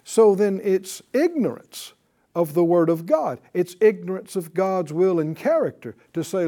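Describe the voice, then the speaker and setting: A middle-aged male Bible teacher preaches to his class at a slow, deliberate pace, his voice sitting high and swinging widely in pitch. He stresses his points with rhetorical questions and repeats phrases for weight. His tone stays mellow and dark. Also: animated.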